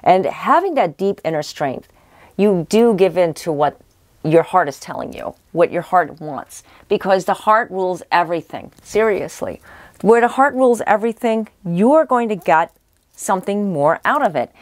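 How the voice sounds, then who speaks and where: Woman doing a tarot reading, kinda low voice, losing her voice a bit, rambly, dead dry room. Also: lively intonation, moderate pace, no echo. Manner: rambling, many restarts and fillers. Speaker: psychic tarot reader. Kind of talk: casual spoken tarot reading.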